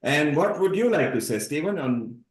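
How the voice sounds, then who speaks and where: A man's voice: fairly high pitch, very animated, normal speed, roomy sound, rough recording. Upbeat man hosting an online call. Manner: upbeat, playful linking remarks. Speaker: host of a live online event. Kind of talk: hosting a video call, introducing participants. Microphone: video call.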